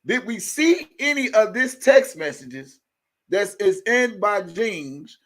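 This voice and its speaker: A man's voice: high voice, sing-song, slow, a bit bright. A man hosting a live stream, ranting heatedly to his viewers in a profane, fired-up way. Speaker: livestream host. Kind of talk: live commentary rant.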